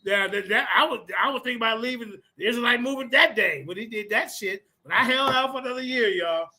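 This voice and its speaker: A man hosting a livestream, talking in a loud, profane, mocking way and repeating himself. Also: extremely high pitch, fast. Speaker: livestream host. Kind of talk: mocking casual commentary.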